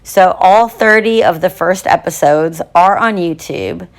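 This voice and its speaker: A woman's voice: fairly low pitch, measured pace. A young woman hosting a true crime podcast who talks in a chatty, bubbly way with lots of fillers. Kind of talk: casual podcast monologue.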